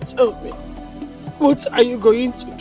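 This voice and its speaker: A woman playing a high-voiced scolding Nigerian mother. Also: steady tone, normal speed, mellow, faint music behind, lightly acted. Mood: worried. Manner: scolding, emotional. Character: distraught, scolding village mother. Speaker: mother of a pregnant daughter. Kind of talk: film drama acting.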